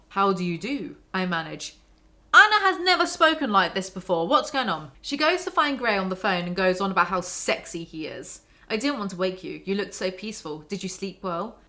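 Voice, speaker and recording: Bright-voiced sarcastic woman. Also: mid-range voice. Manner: sarcastic, exasperated, swears freely. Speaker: book commentary vlogger. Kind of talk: sarcastic book commentary with read-aloud excerpts.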